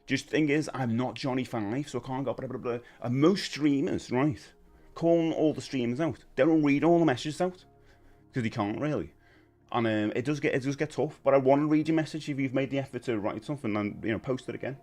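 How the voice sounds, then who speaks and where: A man's voice: medium pitch, fairly quick, a little mellow, soft background music. A man, hosting a casual live stream and chatting with viewers in a rambling, friendly way. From United Kingdom. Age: 50s. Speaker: livestream host.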